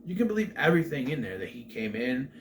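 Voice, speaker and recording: A man's voice: medium pitch, sing-song, fast. A middle-aged man casually recapping a film as a show host, rambling with chatty asides and restarts. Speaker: movie review host. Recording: faint background noise.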